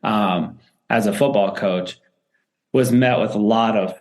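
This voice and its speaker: A man's voice: fairly low pitch, a little slow. A man, a former football coach, answering interview questions in an earnest, reflective way with many restarts and tag questions.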